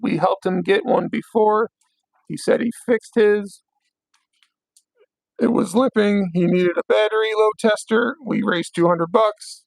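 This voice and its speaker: Hoarse, gravelly man ranting on a livestream. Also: high-pitched, fairly even intonation, measured pace, no room sound, low-quality recording. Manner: blunt and profane, ranting. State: hoarse, voice worn out. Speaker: livestream host. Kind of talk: casual late-night livestream chat.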